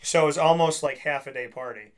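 A man's voice: on the high side, fairly quick. A man hosting a casual podcast chat, rambling with many restarts and fillers. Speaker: podcast host.

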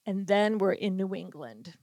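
A woman from Boston, a sports reporter hosting a casual talk show, telling a lively anecdote full of acted-out quotes. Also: medium pitch, a little slow, gravelly, no room sound. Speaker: sports reporter, podcast host. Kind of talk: casual storytelling chat.

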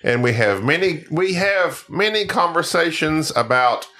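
Lively playful male podcast co-host. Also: fairly high pitch, a little slow. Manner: playful, drifts into joking accents. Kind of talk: casual chat.

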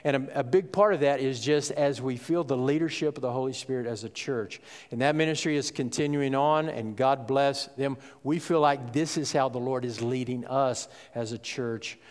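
A man preaches from the pulpit in a relaxed, conversational way, checking in with the congregation and pausing on small fillers. His voice sits at an ordinary middle pitch, and the sanctuary gives it a long reverberant tail. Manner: conversational preaching, frequent "okay?" and "uh" asides. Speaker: pastor. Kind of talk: sermon.

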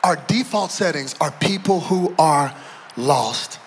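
A middle-aged male pastor preaching a sermon to a church audience, moving between quiet storytelling and shouted, emphatic preaching. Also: fairly high pitch, lively intonation, slow, slight background noise. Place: church auditorium.

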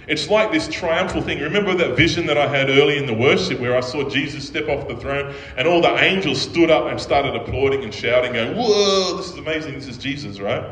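Speaking fairly quickly with few pauses, a pastor with a slightly high, fairly bright voice delivers a sermon in conversational style. He keeps checking in with the audience through frequent "right?"s, recorded in an echoey hall with faint ambience.

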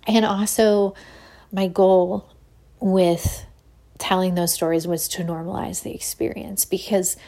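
A woman, hosting a casual solo podcast in a chatty, animated way with Valley Girl-ish phrasing. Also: lowish voice, unhurried. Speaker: podcast host.

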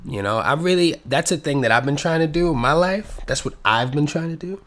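A man talking casually and at length, rambling and cursing freely, with his voice rising and getting louder when he gets excited. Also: a little high, a little fast. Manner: rambling, profane, self-reflective. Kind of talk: casual solo chat.

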